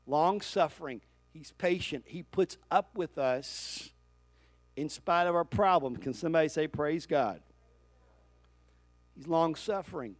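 High-voiced preaching pastor, man. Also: measured pace, long pauses, dry recording. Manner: preaching to a congregation, calling for responses. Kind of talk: sermon.

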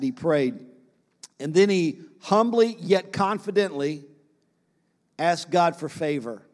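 A man with a high voice preaches a sermon from the pulpit. He works the congregation with repeated phrases and questions, and his voice rings with the long reverb of a large hall. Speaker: pastor.

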